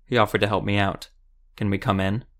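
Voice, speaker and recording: A man voicing a grim male witcher monster hunter who questions people flatly and bluntly. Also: lowish voice, fairly quick. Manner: clipped, flat questioning.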